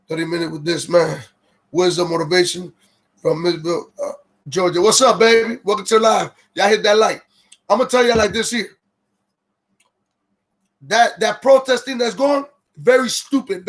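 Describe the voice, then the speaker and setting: A man hosting a casual livestream, greeting viewers and repeating himself, growing heated and incredulous as he comments on a video. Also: sits high. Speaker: livestream host.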